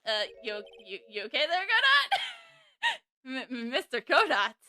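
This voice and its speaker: A giggly woman chats through her game playthrough, teasing herself with a lively, very bright voice that climbs high. Soft game music hums in the background. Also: measured pace. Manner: giggly, self-deprecating. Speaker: let's-play host. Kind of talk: casual game commentary. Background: faint game music.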